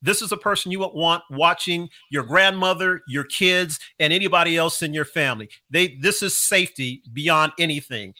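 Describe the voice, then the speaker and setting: A man hosting a podcast interview, telling a story in an animated way and asking leading questions. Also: fairly high pitch, normal speed, few pauses. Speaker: podcast host.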